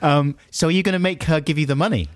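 A man's voice: on the high side, fast talker, dry recording. A man co-hosting a radio show, bantering casually and laughing often. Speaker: radio co-host.

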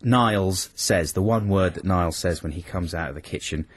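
Husky, low-voiced radio host. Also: male voice, normal speed, no room sound. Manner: rambling, apologetic, laughs often. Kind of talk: casual radio banter.

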